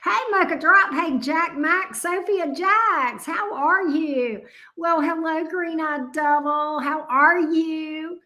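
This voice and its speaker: A woman's voice: sits high, slow pace, sharp tone. A middle-aged woman with a Southern US accent, chatting casually and greeting viewers by name as she hosts a live tarot stream. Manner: bubbly, greets viewers by name one after another.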